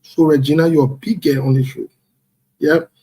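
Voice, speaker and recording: Husky man hosting a live stream. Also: on the high side, steady tone, moderate pace. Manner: playful, chuckling, shout-outs to viewers. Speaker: livestream host. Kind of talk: casual live-stream chat, reading out viewers.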